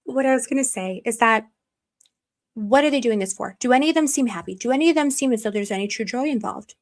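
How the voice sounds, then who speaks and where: A woman's voice: on the high side, fast talker. A woman giving heated casual livestream commentary, repeating rhetorical questions and reading viewers' chat aloud. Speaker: political commentary streamer.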